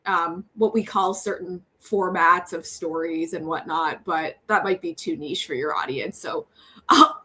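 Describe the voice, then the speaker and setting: A young TV news reporter, guesting on a podcast, talks earnestly in a medium-pitched voice that sounds pushed and bright. The interview is casual, and she's chatty, with frequent laughs and fillers.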